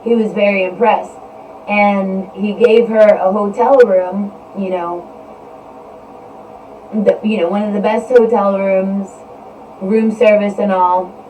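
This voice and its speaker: Slow rambling podcast lady, you know every other line, far from mic, big echo. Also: mid-range voice, steady tone, dark tone. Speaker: podcast host. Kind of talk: casual storytelling monologue. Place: indoors, live stream. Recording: roomy echo, distant from mic, faint noise.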